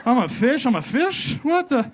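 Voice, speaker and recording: Stoned, dazed fish voiced by a male comic in a stand-up bit, pitched way up, loud and incredulous. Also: normal speed, a faint crowd, full character voice. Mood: stoned amazement. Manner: excited, high-pitched disbelief. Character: stoned, bewildered talking ocean fish.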